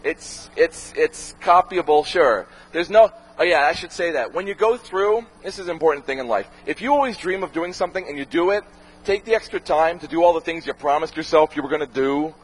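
A man, a documentary filmmaker, talking casually to an audience and answering questions, animated and profane, acting out the voices he quotes. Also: fairly high pitch, quick pace, breathy edge, low-quality recording. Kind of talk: casual talk with Q&A.

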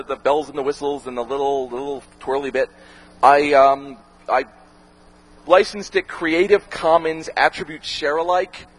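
A man, a documentary filmmaker, talking casually to an audience and answering questions, animated and profane, acting out the voices he quotes. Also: on the high side, slightly rough, low-quality recording. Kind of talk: casual talk with Q&A.

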